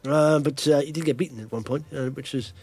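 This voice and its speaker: A Welsh man co-hosting a podcast, telling stories in a rambling, animated way with lots of ums. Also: mid-range voice, fast talker, husky, no echo, soft background music. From Wales. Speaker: podcast co-host. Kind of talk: casual chat.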